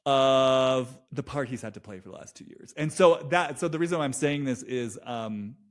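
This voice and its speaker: A young man picks apart a reality show out loud in a loose, casual monologue. He rambles, restarts his sentences and swears freely, keeping his voice at an ordinary middle pitch. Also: moderate pace.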